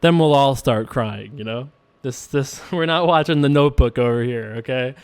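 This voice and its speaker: Male poker host, casual and rambling, clear resonant voice, jokey asides. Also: mid-range voice, normal speed, a little mellow, no room sound. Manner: rambling and playful, many fillers, frequent self-laughing asides. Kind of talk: casual commentary while playing online poker.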